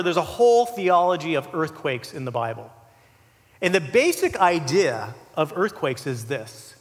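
Guy preaching a sermon, chatty and animated, voice bouncing all over, long echo in a big hall. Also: high-pitched. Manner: animated, conversational, with asides and filler "you know". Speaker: pastor.

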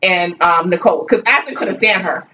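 A woman from Jamaica co-hosting a podcast in casual chat, emphatic and quick in bursts. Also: fairly low pitch, pushed and bright. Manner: emphatic, talks in quick bursts with "listen" and "girl". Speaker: podcast co-host. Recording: dull distant mic with faint hiss.

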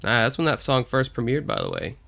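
A man hosting a podcast, telling stories in an animated way and swearing often. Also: mid-range voice, fairly quick, gravelly. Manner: animated storytelling, frequent swearing. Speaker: podcast host. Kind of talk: casual podcast chat.

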